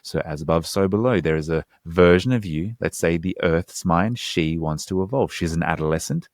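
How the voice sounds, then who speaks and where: Deep-voiced man explaining earnestly. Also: normal speed, no room sound. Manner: earnest, explanatory, slangy asides. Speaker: hypnotherapist guest. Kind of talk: casual podcast conversation.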